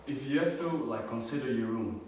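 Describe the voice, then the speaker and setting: A young man giving a student class presentation, halting often with fillers and restarts. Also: medium pitch, a little mellow, a little hiss or hum. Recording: echoey room, far from the mic.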